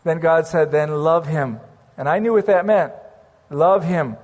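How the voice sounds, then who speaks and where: Male preacher, earnest storyteller, lightly raised pitch, long hall reverb. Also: unhurried, darkish tone. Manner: earnest storytelling, slips into praying aloud. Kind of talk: sermon testimony.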